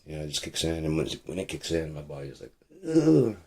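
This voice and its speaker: A podcast host with an extremely low voice fires off a rapid, flat-delivered rant on his own show. It's casual and rambling, with a sarcastic edge and constant swearing.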